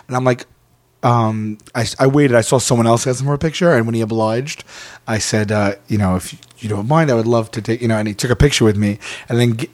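A man's voice: medium pitch, no echo. A man in casual chat, telling stories with lots of restarts and swearing. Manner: profane, stammering restarts, animated storytelling.

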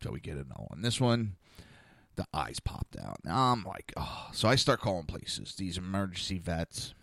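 A man casually telling a personal story, animated and exasperated, acting out the dialogue. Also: deep voice, moderate pace, creaky, no room sound.

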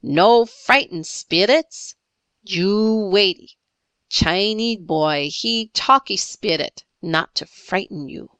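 A woman voicing a small, grave, superstitious boy who talks slowly in broken pidgin English in a storybook reading. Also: mid-range voice, a bit bright, clean tone, no echo. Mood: alarmed.

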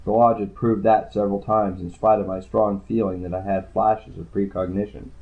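A man's voice: fairly low pitch, level tone, moderate pace, vocal fry, narrow, tinny audio. A man narrating a first-person audiobook in a dry, understated way.

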